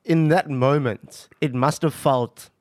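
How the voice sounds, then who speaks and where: A man hosting a podcast, asking slow, probing questions. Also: on the high side, fairly even intonation, a little mellow, dry recording, clean studio sound. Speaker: podcast host. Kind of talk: interview questions.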